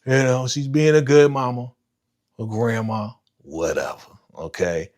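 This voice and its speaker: A man hosting a live stream, giving casual, animated reaction commentary full of slang and talking to chat viewers by name. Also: mid-range voice, unhurried. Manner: animated, slangy, retells scenes with voiced quotes. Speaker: livestream host reacting to a TV episode.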